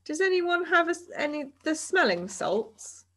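A woman's voice: high-pitched, big pitch swings, unhurried, bright, forceful tone, voice pushed up, heavily acted. A woman doing a flustered, fluttery lady. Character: flustered young woman who vanishes when sneezing.

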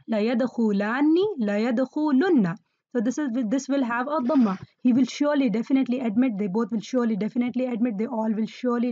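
A woman's voice: a little high, mellow, no room sound, dull audio. A woman teaching Arabic grammar to learners, patiently repeating key words and quizzing her listeners. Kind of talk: explaining Quranic Arabic grammar.

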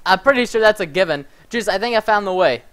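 A man's voice: high-pitched, lively intonation, fast, fairly bright tone. A young man hosting a casual let's-play, goofy and giggly, breaking into silly sing-song bits. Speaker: gaming channel host.

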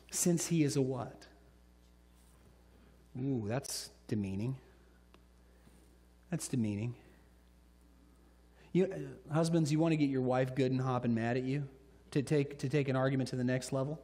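A middle-aged man preaching a sermon, telling stories with lively delivery and acting out little voices. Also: mid-range voice, unhurried, long pauses. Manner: animated storytelling, acts out voices. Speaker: pastor. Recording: echoey hall.

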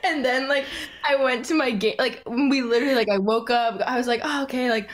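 A woman's voice: high voice, brisk. Chatty young woman full of fillers. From San Francisco Bay Area, USA. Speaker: podcast guest. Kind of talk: casual podcast chat.

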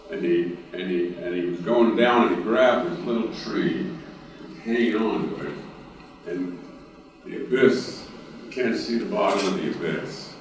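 A man's voice: on the low side, a little hiss or hum. A man from Cape Breton with a local accent, speaking on a conference panel in a folksy storytelling manner, with many fillers and restarts. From Cape Breton, Nova Scotia. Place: conference hall. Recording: roomy hall recording from a distance.

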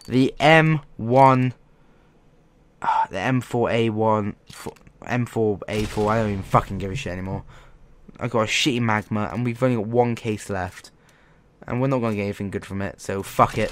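A man commentating as a gaming YouTuber, frustrated and swearing as he pleads with the game. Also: on the low side. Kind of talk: let's play commentary.

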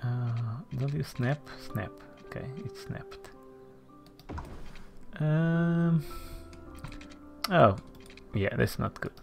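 A let's-play commentator thinking aloud while building in a game, muttering to themself and sometimes dropping to a soft near-whisper. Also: medium pitch, animated, drawn-out words, vocal fry, long pauses, music in the background. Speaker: gameplay commentator.

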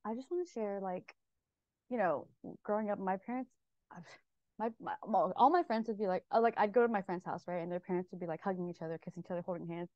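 A woman's voice: medium pitch, quick pace, a little mellow, no room sound. A woman sharing a personal story at a book club, talking casually with lots of fillers. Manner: rambling, many fillers, emotional. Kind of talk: casual sharing in a group discussion. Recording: muffled lo-fi audio.

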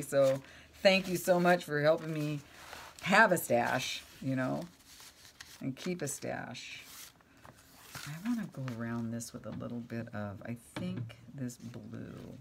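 Low-voiced chatty woman crafting. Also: takes it slowly, vocal fry, a little hiss or hum. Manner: rambling, chatty, talks to her cat. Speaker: craft vlogger. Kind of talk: casual crafting chat.

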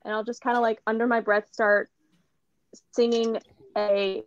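A woman's voice: on the high side, level tone, measured pace, lo-fi sound. A woman playing a tabletop game, chatty and hesitant as she talks through her moves. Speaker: player.

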